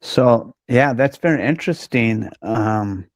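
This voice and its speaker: A man hosting an interview, talking in a relaxed, conversational way. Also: medium pitch, slow, no room sound, dull audio. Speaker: host. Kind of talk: casual interview. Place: Green Bay.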